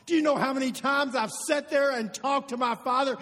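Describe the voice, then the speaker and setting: A man acting out a resentful, hardworking older brother, speaking indignantly and forcefully in a reverberant hall. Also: very high voice, fairly even intonation, brisk, pitched above the performer's own voice. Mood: angry, resentful.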